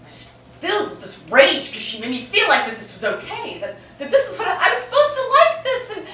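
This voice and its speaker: A woman's voice: high voice, huge pitch swings, fairly quick, few pauses, noisy background. A young adult woman telling a frank personal story on stage, rambling and profane, with many "like" fillers. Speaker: open-mic storyteller. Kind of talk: confessional stand-up storytelling. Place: stage in a roomy venue with a live audience. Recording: echoey room from far off.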